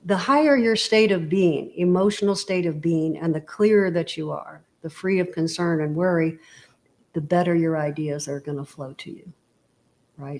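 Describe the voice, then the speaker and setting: A woman with a somewhat low voice talks through her ideas in a relaxed, conversational way. She leans on everyday analogies and keeps asking whether her listener follows, with plenty of "you know" and "right?". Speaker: interview guest, author. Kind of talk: casual motivational conversation.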